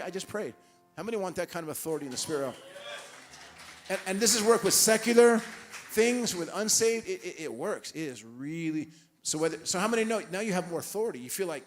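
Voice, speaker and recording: A man preaching a sermon in a church, telling stories and acting out the dialogue with animated restarts. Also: on the high side, quick pace, soft background music. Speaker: guest preacher. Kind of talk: sermon with storytelling. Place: church hall.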